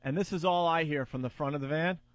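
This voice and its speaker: A man's voice: fairly high pitch, fast talker, no room sound. A man co-hosting a radio show in casual chat, setting up the story with short, laid-back interjections, on a studio microphone.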